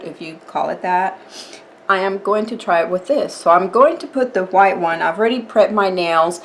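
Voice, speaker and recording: A woman's voice: deep voice, slight background noise. Woman talking through a nail tutorial. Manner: relaxed, chatty, explains step by step with fillers. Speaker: nail art tutorial host.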